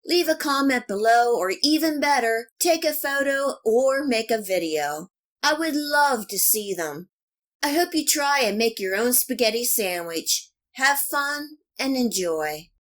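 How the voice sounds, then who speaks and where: A woman with a voice on the high side, talking a little slowly, guides viewers through a recipe for her cooking channel. Her scripted voice-over gives each step calmly and evenly.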